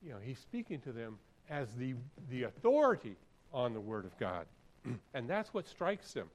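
A man preaching a sermon, reading scripture aloud and then explaining it conversationally, often clearing his throat and repeating phrases for emphasis. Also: mid-range voice, sing-song, moderate pace, rough recording. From San Francisco area. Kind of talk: expository sermon.

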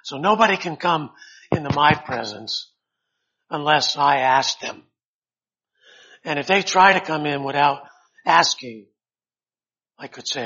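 A man preaching a sermon, pausing often and rising loud and high on quoted scripture. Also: animated. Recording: dull lo-fi sound.

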